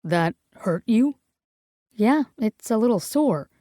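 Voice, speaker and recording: A woman's voice: a little high, animated, slow, warm tone, no echo, studio quality. A woman voicing a young man, a football star lover who panics and snaps, in an audiobook reading. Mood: alarmed. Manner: panicky, snapping, swearing.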